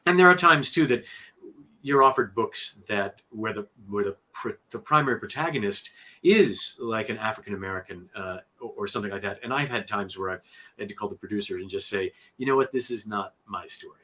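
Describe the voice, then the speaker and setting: A man who narrates audiobooks, telling studio stories in a lively interview with lots of fillers and restarts. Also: fairly low pitch, fairly quick. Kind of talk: conversational storytelling interview.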